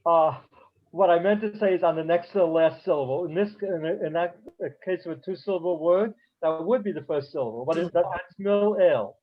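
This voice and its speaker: A man's voice: fairly high pitch, fairly quick. Man teaching over a muffled call. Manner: patient, explanatory, with frequent fillers. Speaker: Hebrew teacher. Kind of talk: online class instruction.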